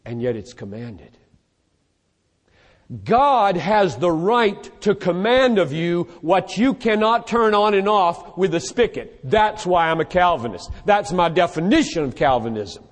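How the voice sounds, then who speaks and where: A high-pitched man preaches a sermon, his voice trailing off into a long reverb tail. His delivery is emphatic and animated as he rattles off scripture verses in rapid lists, one after another.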